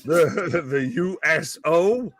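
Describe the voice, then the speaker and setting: A man's voice: sits high, very animated, takes it slowly, vocal fry, a bit bright, no echo. A man hosting a live reaction stream, joking, swearing freely and laughing at his own lines. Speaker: host of a live wrestling watch-along stream. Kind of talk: casual live reaction chat.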